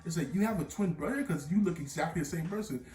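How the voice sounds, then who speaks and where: Young man, lively slangy storyteller, fairly high voice, off-mic. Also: quick pace, far from the mic. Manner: animated storytelling with slang and bursts of laughter. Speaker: vlogger. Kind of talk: storytime vlog. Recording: echoey room, off-mic.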